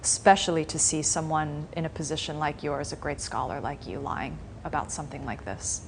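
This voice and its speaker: A woman's voice: low voice, fairly even intonation, a little fast, vocal fry, a little hiss or hum, pitched below the performer's own voice. Blunt old woman in a told story, put on lightly by a female teacher. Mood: earnest.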